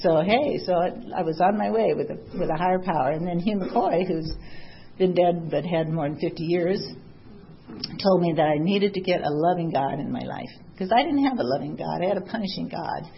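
A woman's voice: fairly low pitch, normal speed, gravelly, slight background noise. Woman from Southern California, candid recovery share, chatty with lots of fillers, wry, dull muffled recording. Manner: candid and chatty, many "you know" fillers, wry laughs. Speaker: speaker sharing at a recovery meeting. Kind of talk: personal recovery story, casual.

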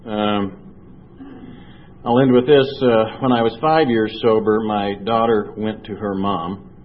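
A man telling his recovery story to an audience, earnest and storytelling, slowing down and weighing his words at the heavy moments. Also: on the low side, steady tone. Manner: earnest storytelling, slow and heavy at emotional points. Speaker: recovery speaker. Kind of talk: personal testimony talk. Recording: dull lo-fi recording with faint noise.

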